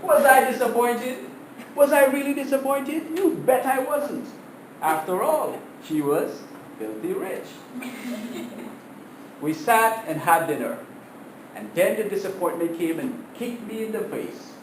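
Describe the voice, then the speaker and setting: A man giving a prepared humorous speech to his class, telling stories in an animated way and laughing at his own jokes, heard from across a classroom. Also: high-pitched, unhurried, roomy sound, recorded from a distance, a little hiss or hum, poor audio.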